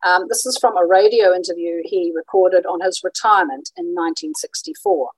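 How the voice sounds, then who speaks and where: A woman gives an informal history talk, thinking aloud with frequent ums and small restarts. Her voice sits slightly low. The recording is dry and close, with no room sound. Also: animated, a little fast, vocal fry, no room sound, low-quality recording. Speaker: presenter on radio history.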